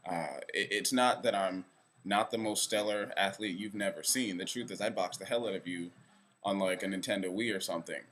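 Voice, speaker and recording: A man's voice: deep voice, a little fast, a bit bright, a little hiss or hum. A young man vlogging to camera in a rambling, self-deprecating way. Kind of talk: casual direct-to-camera vlog. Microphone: camera facing speaker.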